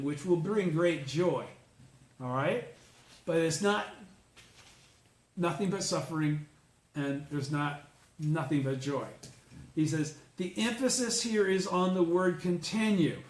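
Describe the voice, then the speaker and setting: Man, study group leader, explaining and questioning, high-pitched, roomy sound. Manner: explains a text, checks in with listeners; blunt, swears casually. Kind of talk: informal religious study talk. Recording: roomy echo.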